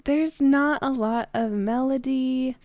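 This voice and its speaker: A woman's voice: high voice, takes it slowly, darkish tone, no room sound, muffled recording. Dry-voiced woman, analytical podcast co-host. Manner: precise, analytical, laughs often. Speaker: podcast co-host, music critic. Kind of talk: casual podcast chat.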